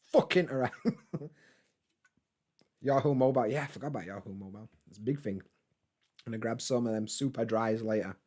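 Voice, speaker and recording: A man chatting casually on a live stream, reading and answering chat comments in a relaxed, swearing, laughing way. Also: mid-range voice, normal speed, pauses often. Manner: laid-back, chatty, swears freely, laughs often.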